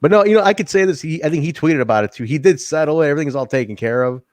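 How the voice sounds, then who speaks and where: A man's voice: a little high, animated, racing, dry recording, clean studio sound. A man co-hosting a wrestling podcast, chatting in a loose, rambling way and swearing casually. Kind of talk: casual chat.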